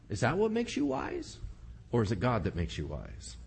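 A man preaching a humorous Bible-teaching sermon, animated and sarcastic. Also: mid-range voice, moderate pace, vocal fry, breathy edge. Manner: animated and sarcastic, acting out scripture characters.

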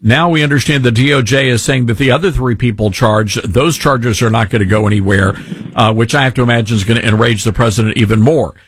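Radio host guy, husky and dry, kinda sarcastic. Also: mid-range voice, quick pace, dry recording. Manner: wry, animated, sarcastic asides. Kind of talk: talk radio chat.

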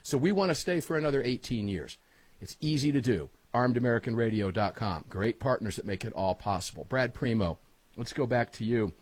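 A middle-aged man hosting a talk radio show, with brash, rapid-fire promotional patter. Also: mid-range voice, lively intonation, darkish tone, no echo.

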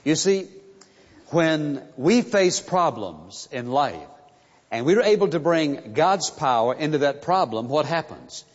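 Man preaching slowly in an echoing hall. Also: fairly high pitch, very animated, slightly rough. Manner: slow, emphatic preaching with repeated phrases. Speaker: pastor. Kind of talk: sermon. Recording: muffled sound in a reverberant hall.

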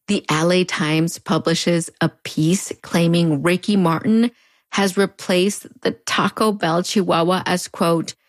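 A woman's voice: fairly low pitch, no echo, clean studio sound. A woman with a US-Mexico border accent narrating a video essay in a conversational, wry way. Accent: US-Mexico border Spanish-tinged English. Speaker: host.

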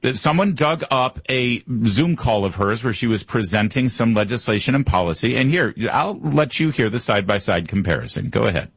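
A man's voice: medium pitch, expressive, a little fast, hardly any pauses, husky, no echo. A man hosting a political talk show, opinionated and conversational, with frequent fillers. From Michigan. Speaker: talk radio host. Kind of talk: political commentary.

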